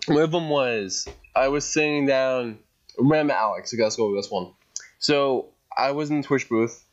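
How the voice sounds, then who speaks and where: A man co-hosting a podcast in casual chat, excitable and rambling, with lots of "like". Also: medium pitch, highs cut off. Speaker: podcast co-host.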